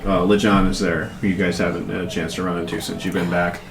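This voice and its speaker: A man's voice: sits low, little pitch movement, fast. A man narrating as game master in a casual, rambling way full of fillers, in an echoey room.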